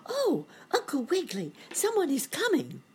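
A woman voicing a young bunny boy in a storybook reading, high and eager. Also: big pitch swings, unhurried, a little mellow, slight background noise. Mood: excited. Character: excitable little bunny boy.

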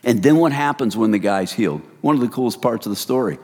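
Lively preacher in an echoing hall. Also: male voice, mid-range voice, fast talker, husky. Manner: animated, swings from hushed to loud excited bursts; casual, addresses the crowd as "you guys". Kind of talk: sermon.

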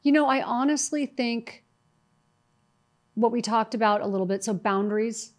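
A middle-aged woman, a guest in an interview, talking in a lively, storytelling way and acting out what others said to her. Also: on the high side, moderate pace. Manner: animated storytelling, quotes herself and others. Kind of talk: conversational interview.

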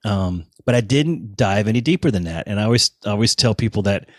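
A man in his fifties, a guest musician in a casual interview, telling animated anecdotes and acting out what people said. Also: fairly low pitch, brisk, dry recording, studio quality. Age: 50s. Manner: animated anecdotes, acts out quoted voices. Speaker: guest musician, touring bassist.

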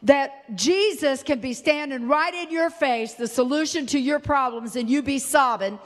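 An older woman preaching a folksy, animated sermon that breaks into sudden high exclamations. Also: normal speed, big-room sound.

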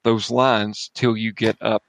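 A man narrates a tabletop horror game as its game master, his voice gravelly with a rough fry. He talks casually and in halting bursts, restarting sentences and adding asides. The sound is close and dry. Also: on the low side, level tone, fairly bright tone, dry recording, rough recording. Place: home.

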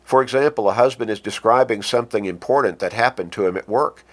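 A man teaching a lesson on communication, speaking slowly and deliberately, with pauses and restarts. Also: medium pitch. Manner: acts out short spoken examples. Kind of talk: lecture on communication.

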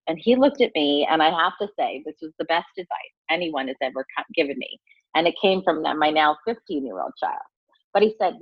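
Low voiced woman in her 40s, halting and heartfelt, keeps restarting, dry and kinda muffled sound. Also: animated, breathy edge, dry recording. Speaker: guest. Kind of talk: personal storytelling interview.

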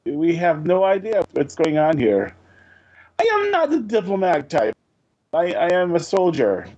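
A man's voice: high voice, wildly swooping pitch, a little mellow, muffled recording, heavily acted. A man voicing a blunt, plainspoken male soldier in a tabletop game. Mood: earnest. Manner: plainspoken, halting.

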